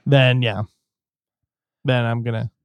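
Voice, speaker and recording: A man's voice: mid-range voice, little pitch movement, slow, dry recording. A man co-hosting a casual podcast chat, laughing often between his remarks. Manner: laughs often, drops to mock whispers. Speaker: podcast co-host.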